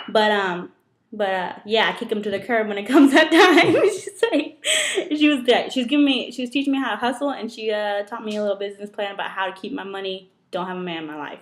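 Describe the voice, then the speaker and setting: A young woman co-hosts a casual chat show and tells a rambling story. She giggles often and leans on fillers. Her voice sits at a middle pitch. The room gives it a roomy echo. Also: quick pace. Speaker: co-host.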